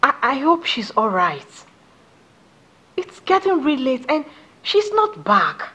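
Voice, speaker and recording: A woman's voice: sits high, wildly swooping pitch, slow, sharp tone, breathy edge, lo-fi sound, exaggerated voice. A woman playing a tearful jilted young woman. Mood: anxious. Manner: tearful, pleading. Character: heartbroken young woman jilted by her lover.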